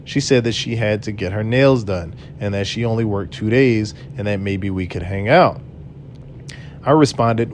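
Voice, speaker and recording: A man's voice: lowish voice, moderate pace, slight background noise. A man earnestly retelling a personal story, reading out his own messages. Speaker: channel host telling his own story. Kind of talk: personal storytelling read aloud.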